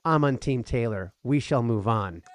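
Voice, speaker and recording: A man from the Northeast US co-hosts a podcast in casual banter, rambling, opinionated, and full of fillers. His voice is mid-range at a moderate pace, and the audio is very noisy.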